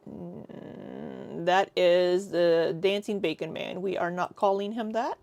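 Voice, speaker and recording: A woman's voice: lowish voice, takes it slowly, vocal fry, darkish tone, no room sound. A woman streamer chatting casually and reacting to clips with sarcastic comments and frequent laughs.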